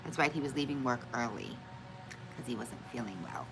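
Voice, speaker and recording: A woman's voice: rumbling low, big pitch swings, brisk, over music, rough recording. A woman hosting a casual live stream, chatting with viewers and greeting them by name, often laughing at her own forgetfulness. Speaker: livestream host.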